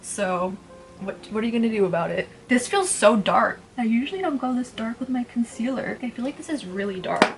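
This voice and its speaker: Faint music plays behind this beauty vlogger, a woman in her twenties whose voice runs on the high side and moves a little fast. She does her makeup at home in a casual get-ready-with-me chat, rambling bluntly and cursing without restraint.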